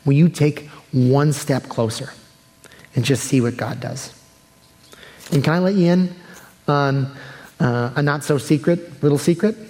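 A pastor preaching a sermon in a relaxed, conversational way that turns soft and earnest. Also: male voice, fairly high pitch, a little slow, long pauses. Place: church sanctuary. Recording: long hall reverb.

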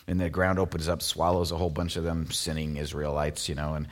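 A man preaching a casual, conversational sermon, full of fillers and lively asides. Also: extremely low pitch, a little fast. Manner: conversational, animated, many fillers like "you know" and "like". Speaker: pastor.

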